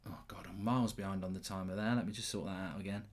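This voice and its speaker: A man's voice: low-pitched, fairly even intonation, fast, a little hiss or hum. A man hosting a live football watchalong, chatty and teasing, reading out viewer comments with lots of stammered restarts.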